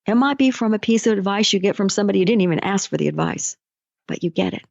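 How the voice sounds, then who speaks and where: A woman life coach talks through a motivational solo podcast in a casual storytelling way. Her voice has a gravelly fry to it, recorded close and dry. The sound is muffled and lo-fi. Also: mid-range voice, fast, a little mellow, dry recording. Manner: conversational, storytelling.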